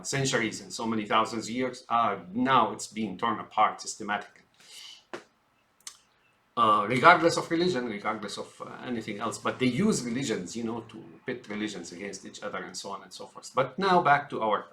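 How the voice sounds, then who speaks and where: Rambling man with a bright edge. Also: on the low side, normal speed. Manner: rambling, many fillers, addresses listeners as folks; acts out quoted politicians in mocking voices. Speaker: political ranter. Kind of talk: unscripted political rant.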